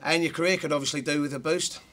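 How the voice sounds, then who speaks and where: A man's voice: fairly high pitch, fairly even intonation, fast, a bit bright, close to an everyday voice. An actor playing a sarcastic, brusque film director who insults his cast.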